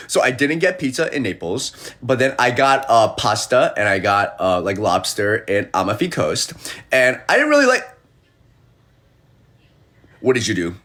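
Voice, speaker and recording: Animated man chatting on a live stream. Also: mid-range voice, moderate pace. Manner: animated storyteller, acting out the people he quotes. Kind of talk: casual livestream chat.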